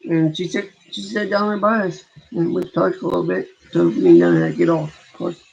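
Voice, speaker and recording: A man's voice: high-pitched, steady tone, fairly quick, gravelly, a little mellow, slightly rough. A man casually telling a long story about meeting friends in an online game, rambling and restarting his sentences. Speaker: gamer recounting a story. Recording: dull lo-fi recording.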